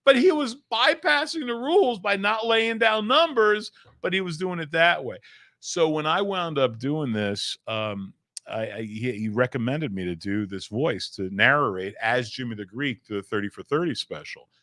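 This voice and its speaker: Man, middle-aged, lively comedian guest, dry close studio sound. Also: on the high side, moderate pace, no echo. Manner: energetic, swears casually, laughs a lot. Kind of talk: animated storytelling chat. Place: small studio.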